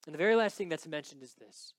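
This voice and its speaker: A man preaching a sermon, swinging between hushed, intimate lines and loud, emphatic ones. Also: a little high, fast talker, no room sound. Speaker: pastor.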